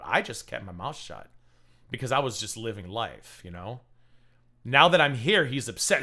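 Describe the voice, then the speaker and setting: A man's voice: medium pitch, big pitch swings, moderate pace, pushed and bright. A man hosting a livestream, giving casual drama commentary full of sarcastic, mocking asides. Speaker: livestream host.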